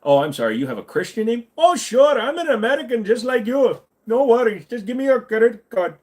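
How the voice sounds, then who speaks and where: A man's voice: very high voice, sing-song, a little fast, darkish tone, pitched above the performer's own voice. A man voicing a pushy, fake-friendly male phone scammer, overly polite and wheedling. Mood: mock-innocent.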